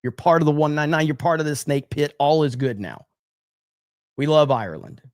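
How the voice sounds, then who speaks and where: A man hosts a livestream, reading donations aloud and swearing freely in mock-angry banter with viewers. His voice sits a little high for a man. The sound is dry and close to the mic. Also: moderate pace, darkish tone, no room sound. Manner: profane, blunt, mock-angry banter with chat. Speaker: livestream podcast host.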